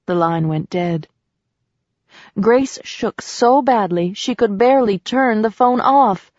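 A woman reading a romance novel aloud in a steady storytelling voice. The recording is dry with a slightly dull tone. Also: medium pitch, slow pace, no room sound. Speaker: audiobook narrator. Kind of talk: scripted narration.

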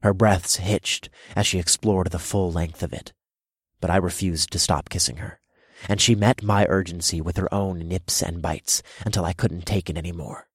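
A man narrating a first-person erotic story in low, measured storytelling. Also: steady tone, husky, no room sound, clean studio sound.

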